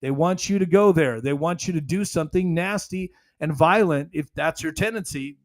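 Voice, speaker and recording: A man's voice: fairly high pitch, moderate pace. A man hosting a solo commentary podcast, talking emphatically in a rambling, conversational way. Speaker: podcast host.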